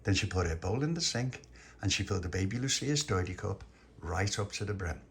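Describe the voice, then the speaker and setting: A man's voice: low voice, brisk, a little hiss or hum. A man telling a comic bedtime story in a playful, rambling way. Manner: playful, animated, rambling repetitions. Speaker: storyteller host.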